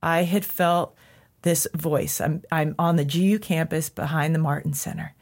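A woman's voice: sits low, steady tone, moderate pace, a little mellow. A woman guest on a podcast, telling a personal story in a heartfelt way, at times tearful.

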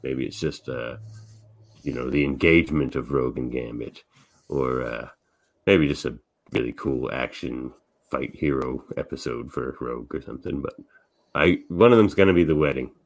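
Very deep-voiced male podcast host. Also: moderate pace. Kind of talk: casual chat.

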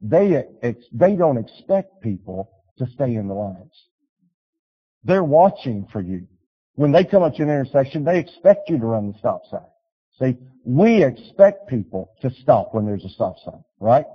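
A man preaching a sermon, telling stories and urging his listeners, swinging from loud appeals to quiet pleas. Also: mid-range voice, big pitch swings, normal speed, husky, big-room sound, dull audio. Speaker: pastor.

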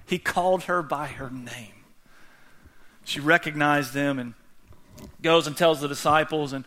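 Guy preaching, bright kinda high voice, chatty, says man a lot, reads verses slow and soft. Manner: casual, conversational preaching with slang; reads scripture slowly and softly. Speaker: pastor. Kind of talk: sermon.

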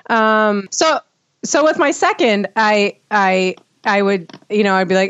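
A chatty woman, a mother of two, in a casual podcast conversation, piling up fillers and restarting her sentences as she goes. Her voice sits at a middling pitch. The recording is muffled and lo-fi, and completely dry, with no room sound. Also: unhurried, dry recording. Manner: animated, rambling, many fillers and restarts. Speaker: mother of two sharing parenting experience.

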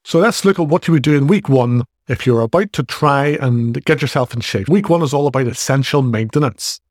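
A fairly quick, medium-pitched man in his forties from Northern Ireland hosts a solo fitness podcast as a coach. His manner is casual and straightforward with joking asides, captured in a dry, studio-quality recording.

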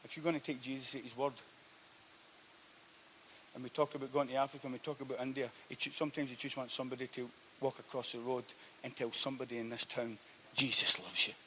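A man preaching a sermon, telling a story that swings from hushed to loud. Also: medium pitch, level tone, fast talker, a little hiss or hum. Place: church hall.

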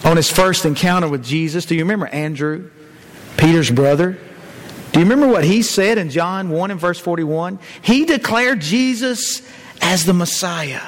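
A man preaches a sermon in a high voice, citing chapter and verse as he goes. He keeps turning to the congregation with rhetorical questions. His voice rings out with a long reverb, as in a large hall. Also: normal speed.

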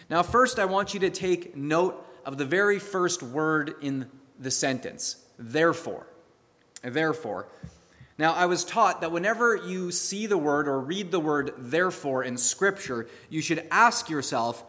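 A man, preaching a sermon in an earnest, measured, storytelling way. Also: on the high side, lively intonation, fairly bright tone. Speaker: pastor. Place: church sanctuary. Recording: long reverb of a church hall.

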